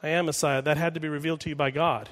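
A man voicing a calm, authoritative male teacher within a sermon, in a measured, grave tone. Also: on the high side, pitched below the performer's own voice, lightly acted. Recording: long hall reverb.

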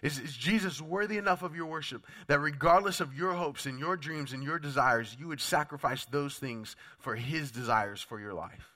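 The preacher's voice sits on the high side, pushed and bright, moving at a moderate pace with hardly any pauses. A lingering cough illness has left it sounding off, but this pastor still chats with his listeners and asks them direct questions.

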